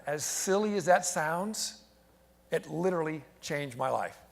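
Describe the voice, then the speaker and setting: A man delivers a motivational keynote on stage, with a fairly high and energetic voice. He tells stories and calls on the crowd to answer back. His voice rings out with the long reverb of a large event hall. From United States. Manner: energetic, storytelling, engages the crowd with call-and-response. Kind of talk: live motivational keynote to an audience. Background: audience responding and laughing.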